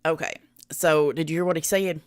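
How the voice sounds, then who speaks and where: A woman's voice: deep voice, steady tone, normal speed, no room sound, clean studio sound. A woman with a rural Southern US accent, talking bluntly to her chat on a live reaction stream, swearing freely and laughing often.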